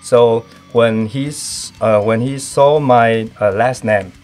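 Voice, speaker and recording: A man with a Taiwanese accent who speaks English as a second language, his first being Taiwanese Hokkien. He talks slowly and haltingly as a podcast guest, filling gaps with "uh" and restarting his sentences. A faint trace of music sits under his mid-pitched voice. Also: a little mellow. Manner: halting, searching for words, many uh fillers. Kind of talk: casual interview chat.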